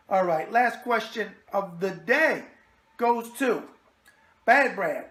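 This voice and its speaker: A man's voice: high-pitched, animated, a little slow, fairly bright tone. A man with a New York accent hosting a casual boxing mailbag show, brash and wisecracking. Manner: brash, wisecracking, catchphrase-heavy. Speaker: boxing web show host. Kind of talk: casual video mailbag talk.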